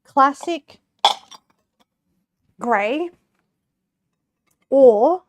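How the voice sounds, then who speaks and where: With background noise behind her, a young woman from Australia chats to viewers as she cooks live, giggling and rambling with lots of "like." Her voice sits high and animated but she speaks extremely slowly.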